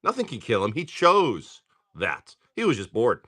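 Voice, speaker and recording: A man hosting a live card-break stream, just woken up and clearing his throat, chatting in a rambling way while rattling off card names. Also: medium pitch, wildly swooping pitch, normal speed, pushed and bright. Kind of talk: casual livestream chatter.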